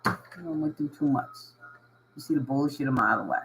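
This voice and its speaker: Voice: medium pitch, fairly quick, a bit bright, slight background noise, poor audio. A tarot reader giving a casual reading to viewers, slangy and reassuring, often repeating phrases and laughing. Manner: reassuring, coaching tone.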